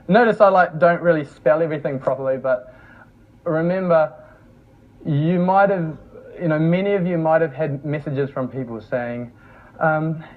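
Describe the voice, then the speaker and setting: A man's voice: on the high side, normal speed, long pauses. A young man giving a casual, joking workshop talk to a room, on a dull lo-fi recording. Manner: chatty, joking, laughs often. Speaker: workshop presenter.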